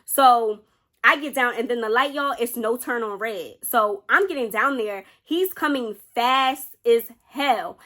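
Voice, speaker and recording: A young woman vlogger telling a personal story in a chatty, animated way, often speaking straight to her viewers. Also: on the high side, unhurried. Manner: chatty, animated, keeps addressing viewers directly. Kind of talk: casual storytime narration.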